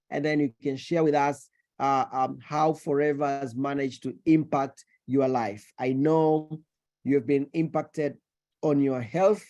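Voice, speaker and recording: A man's voice: a little high, dark tone. A man hosting an online business meeting, effusive and joking, often repeating words. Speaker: meeting host. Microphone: video call.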